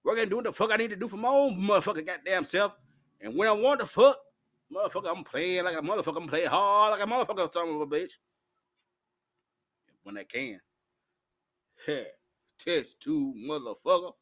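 A man's voice: sits high, animated, a little fast, long pauses, fairly bright tone. Man in his 40s, intoxicated, profane rambling live stream, swoops all over. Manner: profane, rowdy, loose storytelling.

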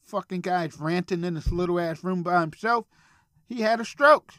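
High-voiced man in a cussing rant. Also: normal speed, a bit bright, no room sound, studio quality. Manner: profane, exasperated ranting. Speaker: podcast host. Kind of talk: solo ranting podcast. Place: small room, alone.

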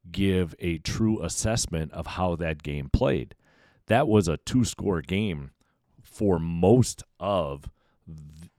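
A man's voice: deep voice, darkish tone, no echo, studio quality. A man hosting a solo sports podcast, giving emphatic, opinionated commentary that sometimes stumbles over repeated words. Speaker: podcast host.

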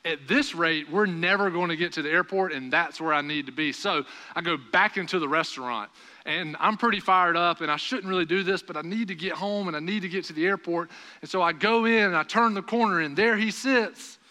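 A young male preacher with a bright, forceful voice that sits a little high for a man. He tells his story with animated delivery and raises his voice for the dialogue. The sound carries a long reverb from a church sanctuary. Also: moderate pace. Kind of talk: sermon with personal story.

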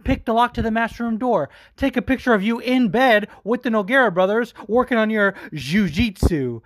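A man doing a high, shouting trash-talking fighter. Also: no echo, lightly acted. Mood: taunting. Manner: high, shouty, drawn-out sneering delivery. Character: brash male fighter threatening a rival, mocking.

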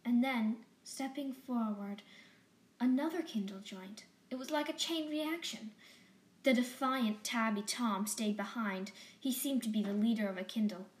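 Gentle female bedtime storyteller, unhurried, slipping into whispers; roomy echo. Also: a little high. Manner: slow, gentle, dropping to whispers.

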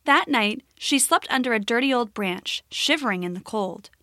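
A woman narrating a children's story in a gentle, expressive way. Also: a little high, normal speed, dry recording, studio quality.

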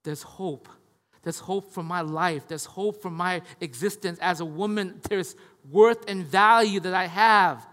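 A man in his thirties, a pastor preaching a conversational sermon, often asking "right?" and moving between hushed and loud passages. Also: high-pitched, a little slow, long reverb tail. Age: 30s. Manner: conversational, tag questions, swings from hushed to loud.

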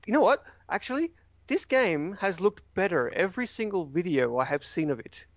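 A man hosting a casual gaming podcast, jokey and excitable, laughing often. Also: a little high, unhurried, no echo, muffled recording. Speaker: podcast host.

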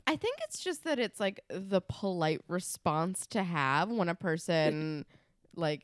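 Expressive low-voiced podcast host woman. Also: normal speed, dry recording, studio quality. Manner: chatty, laughs often, many fillers. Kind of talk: casual podcast chat.

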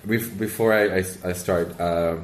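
Low-voiced rambling podcast host. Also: male voice, steady tone, unhurried, roomy sound. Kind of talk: casual podcast chat.

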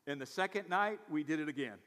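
Preaching pastor in a reverberant hall. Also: male voice, on the high side, fast. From South Louisiana. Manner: storytelling, swings from loud emphatic bursts to quiet asides. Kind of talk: sermon. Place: church sanctuary.

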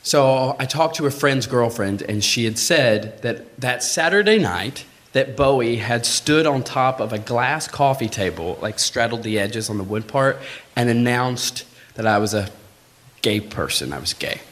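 A man telling a true personal story live on stage, in casual, swearing talk, acting out the voices of the people in it. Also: measured pace. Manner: animated, acts out quoted voices with big pitch jumps; swearing, conversational, frequent "like".

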